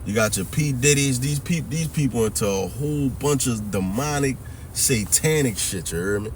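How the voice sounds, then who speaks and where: A man's voice: mid-range voice, moderate pace, a little hiss or hum. A man giving a ranting, preachy commentary monologue that mixes in profanity and keeps asking whether the listener hears him. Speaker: religious commentary vlogger.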